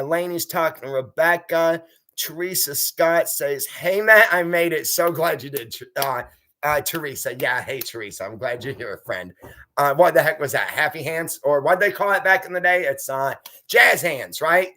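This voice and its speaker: A man's voice: fairly high pitch, a bit bright. A man hosting a casual live stream, reading viewer comments aloud and encouraging them.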